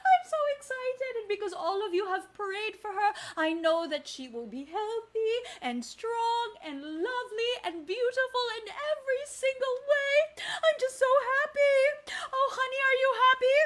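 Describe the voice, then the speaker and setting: A woman's voice: extremely high pitch, slow pace. A woman voicing a tearful, overjoyed young expectant mother in a children's story, talking breathlessly and weepily.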